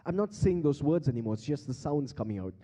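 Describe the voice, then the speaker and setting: A man's voice: fairly high pitch, very animated, fast talker, mellow. A man teaching beatboxing from a conference stage, playfully quizzing the crowd on a handheld mic, laughing often. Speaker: beatbox performer teaching the audience. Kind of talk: live interactive stage workshop. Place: large conference hall stage. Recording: long hall reverb from a stage PA.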